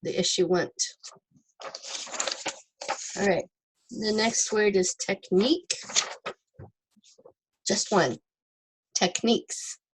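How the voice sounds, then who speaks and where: A woman teaching an online English class, stepping slowly through word forms with example sentences. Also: mid-range voice, husky, low-quality recording. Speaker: ESL teacher. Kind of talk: recorded online lesson.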